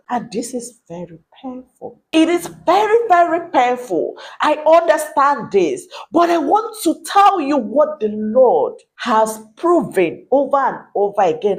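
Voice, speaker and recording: A woman, a Christian marriage coach, praying fervently and then speaking emotionally to wives. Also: fairly high pitch. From Nigeria. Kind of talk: fervent prayer and heart-to-heart encouragement.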